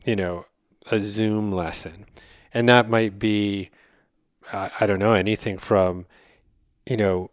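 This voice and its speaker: A man's voice: on the low side, smooth, no echo, clean studio sound. A man hosting an interview, summing up his guest's points and then asking long, thoughtful questions. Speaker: podcast host.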